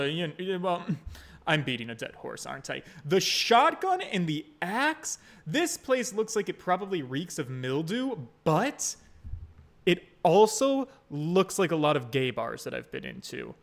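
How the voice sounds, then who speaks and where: A man's voice: fairly high pitch, a bit bright. A man streaming a story game, commenting casually in a crude, joking way.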